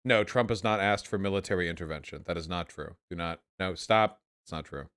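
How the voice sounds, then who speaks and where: A young man hosting a livestream, reacting to chat with sarcastic, animated commentary full of swearing. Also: sits low, fairly quick, clear, resonant tone. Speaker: livestream host.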